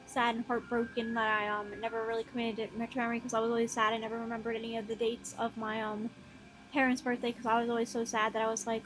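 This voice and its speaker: A young woman streaming while she draws, rambling softly and casually, swearing now and then and talking to her drawn characters. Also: monotone, fast, noisy background. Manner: soft, low-key, mumbling, with casual swearing.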